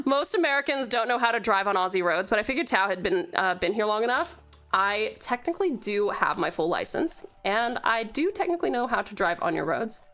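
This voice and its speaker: A young woman streaming a racing game, excitable and giggly, chatting with viewers and swearing loudly when she loses. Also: a little high. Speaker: VTuber streamer. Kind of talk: casual gaming stream commentary.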